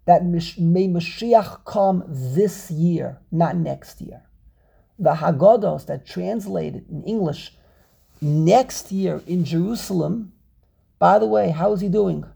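A man leads an online scripture class over a video call, his voice slow, gravelly and husky. He stresses each point, repeats it and punctuates with "okay". The tone is dark and mellow. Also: high voice. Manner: emphatic, repeats key points, frequent "okay". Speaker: Torah teacher.

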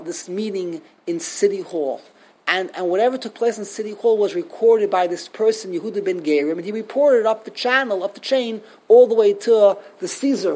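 A man giving a Talmud class lecture, telling stories with animated rhetorical questions and frequent restarts. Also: high voice. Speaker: Talmud teacher.

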